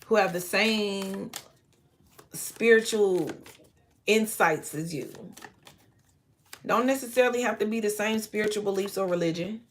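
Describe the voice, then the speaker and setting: Slow, emotional woman reading tarot. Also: medium pitch, slight background noise. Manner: emotional, effusive, breaks into gospel singing. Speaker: tarot reader.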